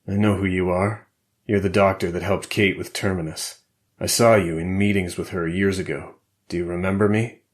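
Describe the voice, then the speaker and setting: Low-voiced guy doing a cold hardened spy, deep and flat, clipped, audiobook thriller. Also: moderate pace, natural voice. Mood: grim. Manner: flat, clipped, matter-of-fact. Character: hardened male ex-CIA operative, grim and cold.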